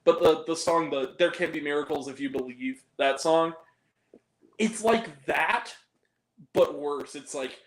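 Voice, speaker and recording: A man's voice: a little high, a little slow, reverberant. A man hosting a movie review podcast, chatting casually in a rambling, profane way, full of fillers and giggles. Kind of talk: casual chat.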